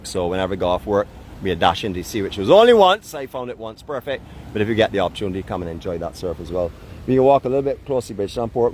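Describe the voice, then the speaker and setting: This is a middle-aged man from Barbados speaking with a Barbadian accent and a somewhat low voice. He narrates a live stroll outdoors in a chatty, teasing way, mixing guide tips with mock boasts. Faint street and traffic noise sits behind him. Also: a little mellow. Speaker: vlog host and walking guide. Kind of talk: live walking tour narration. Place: outdoors by a seaside port in a town.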